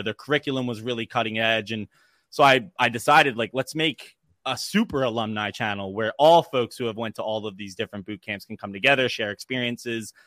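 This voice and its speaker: Young man, bright voice, animated storyteller, casual fillers, dry close sound. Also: mid-range voice, dry recording. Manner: animated storyteller, quick laughs, many fillers. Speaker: guest, developer experience engineer. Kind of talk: casual podcast chat.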